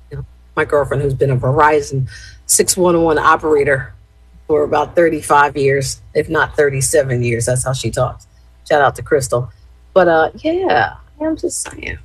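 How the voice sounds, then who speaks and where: A middle-aged woman hosting radio in a chatty, animated way, talking straight to her listeners. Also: sits low, moderate pace, slightly rough, dry recording, poor audio. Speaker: radio host. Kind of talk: casual radio chat and shout-outs.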